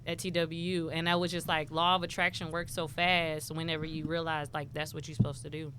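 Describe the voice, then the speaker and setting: A woman's voice: low-pitched, a little fast, slight background noise. A woman from Houston, a guest telling stories casually in an interview and acting out the voices of people she quotes. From Houston, Texas. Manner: animated, acts out quoted voices. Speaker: guest, rapper and poet.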